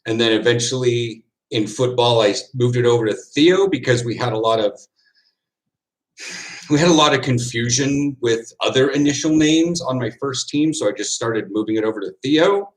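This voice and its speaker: A man with a mid-range voice chats casually with his stream viewers. He is loose and rambling, and laughs easily between thoughts. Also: mid-range voice. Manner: laid-back and rambling, laughs often, quick asides. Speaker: football player chatting with viewers on stream. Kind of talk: casual livestream chat, answering comments.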